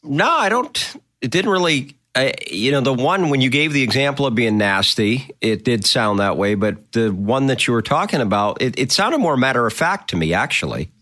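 A man's voice: medium pitch, animated, fairly quick, few pauses, bright, forceful tone. A man hosting a conversational interview, thinking aloud and rephrasing what his guest says. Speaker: interview host.

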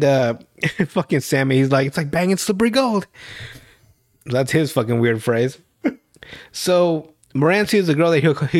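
A man's voice: mid-range voice, no room sound, studio quality. A man casually retelling a TV episode, acting out the characters' lines, laughing often and swearing a lot. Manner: laughing storyteller, acts out lines, heavy swearing. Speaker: podcast host recapping an episode. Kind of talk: casual profane recap chat.

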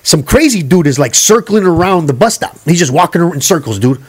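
A young man, chatting on a podcast and telling an animated, slangy story full of swearing. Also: fairly high pitch, brisk, husky. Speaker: podcast co-host. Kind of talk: casual podcast chat.

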